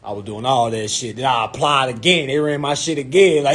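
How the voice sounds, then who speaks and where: A young man telling a profane, animated story in a casual vlog, full of "you know what I'm saying". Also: mid-range voice, a little fast. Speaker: vlogger giving consumer-credit advice.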